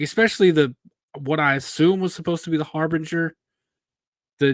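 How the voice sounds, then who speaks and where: A man chats candidly about fan films, peppering his points with casual fillers. His voice sits a touch high, and the sound is dry and close with no room around it. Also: no room sound. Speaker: co-host reviewing fan films. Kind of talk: casual review chat.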